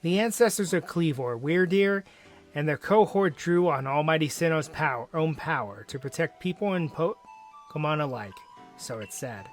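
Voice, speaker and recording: A man's voice: fairly high pitch, lively intonation, normal speed, faint music behind. A man doing a pompous boastful warden. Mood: grave. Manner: pompous, grandiose declarations. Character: boastful male clan warden, proud and dramatic.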